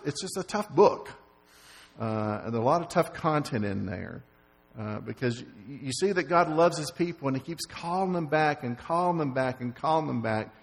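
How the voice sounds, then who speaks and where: Male pastor, higher-pitched voice, halting sermon delivery with repeats and fillers, long hall reverb. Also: a bit bright. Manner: many repeated words and fillers, rising to emphasis.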